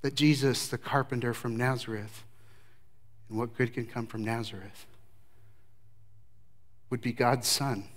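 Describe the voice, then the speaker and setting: A middle-aged male pastor preaching a sermon, telling the story with lively emphasis that drops to soft, low passages. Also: measured pace, long pauses.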